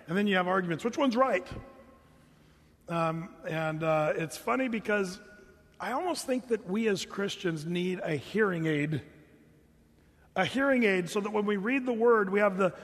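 A man preaching a sermon as pastor, animated and jokey, putting on mock voices to make his points. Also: sits high, normal speed, in a large hall.

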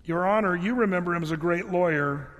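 A man reading the part of a young offender in court, measured and sorrowful. The voice is fairly high for a man and carries through a long, echoing hall. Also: fairly bright tone. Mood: regretful. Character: young male offender, grave and regretful.

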